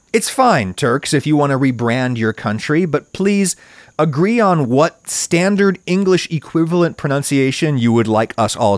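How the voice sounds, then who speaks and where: Male host, mid pitch, wry opinionated monologue, punchy emphasis, dry close recording. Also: dry recording. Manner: wry, emphatic, wide swings in pitch for stress. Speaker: video essay host. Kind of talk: opinionated solo commentary.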